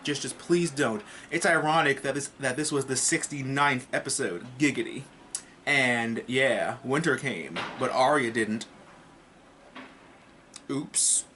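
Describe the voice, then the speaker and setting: A man's voice: medium pitch, unhurried, sharp tone, a little hiss or hum. A man casually reviewing a TV episode in a vlog, rambling, swearing and tossing in jokes. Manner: rambling and profane, with joking asides.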